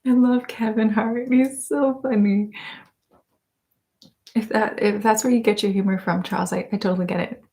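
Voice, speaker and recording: A woman hosting an ASMR live stream in casual chat with her viewers. She is soft-spoken, often drifts into whispers and laughs a lot. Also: medium pitch, steady tone, fast talker, hardly any pauses. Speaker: ASMR channel host.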